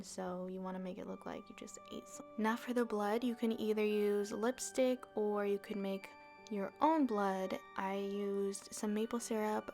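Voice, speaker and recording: Woman, beauty vlogger, casual tutorial, chatty, self-deprecating, vocal fry, faint music behind. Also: mid-range voice.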